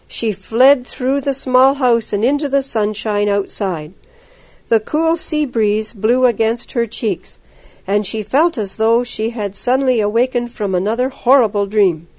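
A woman reading a story aloud as narrator, steady and expressive. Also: on the high side, unhurried, no room sound.

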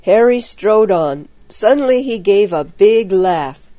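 A woman reading a children's story aloud with even, moralizing narration. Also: medium pitch, slow pace.

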